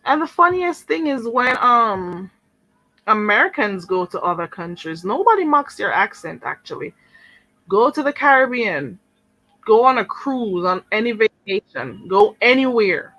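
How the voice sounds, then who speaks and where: Sharp-voiced indignant woman streamer. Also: on the high side, big pitch swings, a little slow, no echo, low-quality recording. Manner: indignant, sarcastic, mocking mimicry. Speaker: channel host. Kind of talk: live-stream rant to viewers.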